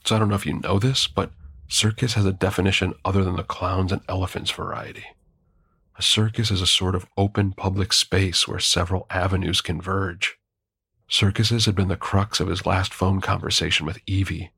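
A man narrating a horror story in a measured, grim first-person telling. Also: sits low, flat delivery, gravelly, a bit bright, slightly rough, no echo.

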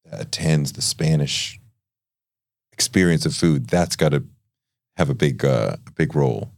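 A man hosting a podcast interview in a studio, asking questions and adding relaxed, jokey comments. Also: extremely low pitch, a little slow, creaky. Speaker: podcast host. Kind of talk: interview conversation.

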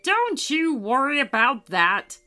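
A woman voicing a friendly walking skeleton who talks loudly and slowly. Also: high-pitched, very animated, faint music behind, pitched above the performer's own voice, full character voice. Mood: cheerful.

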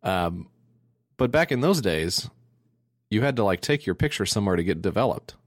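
A man co-hosting a comedy podcast, telling crude stories in a rambling, deadpan way. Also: lowish voice, normal speed, no echo, clean studio sound. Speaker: podcast co-host. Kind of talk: casual comedy chat.

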